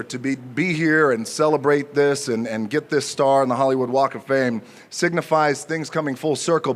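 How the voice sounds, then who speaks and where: A man in his forties giving an unscripted acceptance speech at an outdoor ceremony, joking and halting with many fillers. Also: mid-range voice. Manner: jokey, halting, speaks from the heart with many fillers. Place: outdoor ceremony before a crowd.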